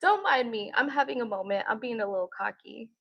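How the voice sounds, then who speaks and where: A woman's voice: on the high side, animated, fairly quick, vocal fry, no echo, dull audio. A woman tarot reader chatting casually on a live stream, brash, cocky and profane. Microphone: streaming mic.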